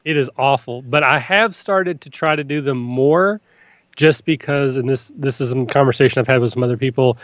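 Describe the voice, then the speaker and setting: A man's voice: medium pitch, normal speed, no echo. A man appearing as a podcast guest, chatting in an easygoing, self-deprecating way. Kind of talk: casual talk show chat.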